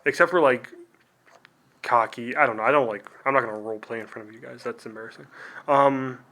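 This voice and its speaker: A young man hosting a casual unboxing video in a middle-pitched, everyday voice. He rambles, fills gaps with "like", and makes fun of himself as he goes. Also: a little fast, sharp tone. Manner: rambling and self-deprecating, full of "like" and trailing asides. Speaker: video host.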